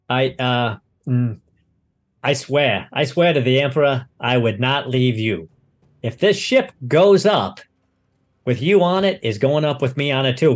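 A man voicing a nervous male gunship pilot who stammers and rushes his words. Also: mid-range voice, husky.

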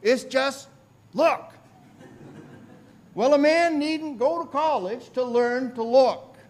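A man's voice: very high-pitched, takes it slowly, pitched above the performer's own voice. A male pastor voicing a thin, plain-spoken lay preacher with an Essex accent, pleading in a folksy, repetitive way. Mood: folksy emphatic.

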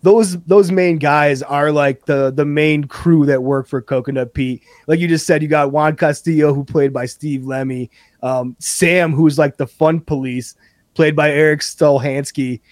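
A man co-hosting a casual movie podcast, excited, swearing often and laughing a lot. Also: a little high, measured pace, dry recording. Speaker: podcast co-host.

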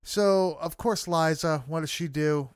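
A man's voice: on the high side, measured pace, smooth, no room sound, studio quality. A man in casual chat, recapping a film with friends, swearing freely and laughing often. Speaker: podcast co-host recapping a film.

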